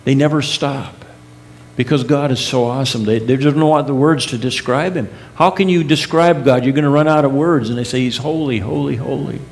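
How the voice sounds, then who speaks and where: A middle-aged male pastor preaching a sermon in earnest, with emphatic rising peaks, soft drops and casual folksy asides. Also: medium pitch. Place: church sanctuary.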